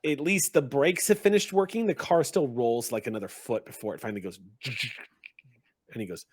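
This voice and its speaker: A man narrating a tabletop game as game master, in a relaxed, loose way. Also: mid-range voice, normal speed, a little hiss or hum.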